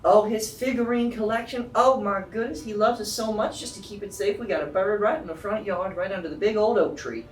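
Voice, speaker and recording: A man voicing a fussy, doting elderly female halfling mother in a tabletop game, with flustered high exclamations. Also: a little fast, hardly any pauses, a little hiss or hum, natural voice. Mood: delighted. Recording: roomy distant mic, faint music.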